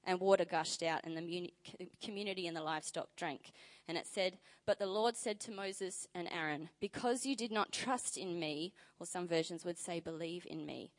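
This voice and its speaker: A woman preaching a sermon in a conversational way, reading scripture aloud with lively emphasis. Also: fairly low pitch, normal speed.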